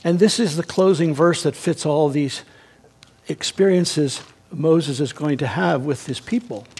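Male pastor, raspy, higher-pitched voice, emphatic sermon that swings loud and hushed. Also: a little slow. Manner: emphatic, swings between raised and hushed delivery.

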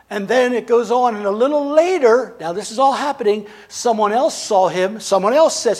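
Male preacher, husky tone, dramatic sermon delivery with big swings in loudness. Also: high voice, normal speed, hardly any pauses. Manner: dramatic, swings between emphatic and hushed.

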